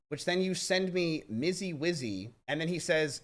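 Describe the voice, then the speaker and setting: A young adult man streaming live, ranting to his chat with profane, rapid storytelling and frequent restarts. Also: fairly high pitch, animated. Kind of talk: livestream rant to chat.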